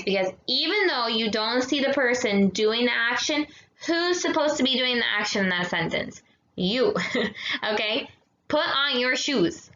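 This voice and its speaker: A young woman teaching children grammar in a patient, slow teacher voice, slipping in Spanish words and asking "okay?" again and again. Her voice is fairly high and bright, and it sounds dull and roomy, with a strong echo. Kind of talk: recorded grammar lesson for kids. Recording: echoey dull room sound.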